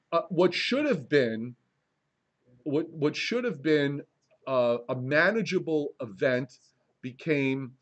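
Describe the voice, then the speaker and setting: A male meteorologist gives a casual public talk in a library presentation room. His voice sits at an ordinary middle pitch. He rambles a bit and restarts often, slipping in dry, wry jokes. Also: highs cut off.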